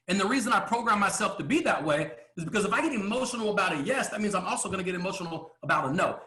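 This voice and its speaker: A man giving a motivational speech to a live audience from a stage, emphatic and full of rhetorical questions and pauses. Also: high-pitched, bright, forceful tone, roomy sound. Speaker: motivational speaker.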